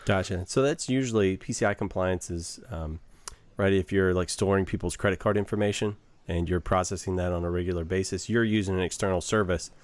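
A man hosting a casual tech podcast, talking in a relaxed, rambling way with fillers. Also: sits low, fairly quick. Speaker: podcast host.

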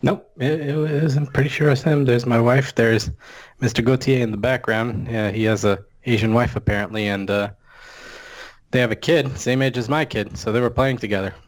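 A man joining a tech podcast as a co-host, chatty and quick to laugh. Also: mid-range voice, fairly even intonation. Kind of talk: casual tech chat.

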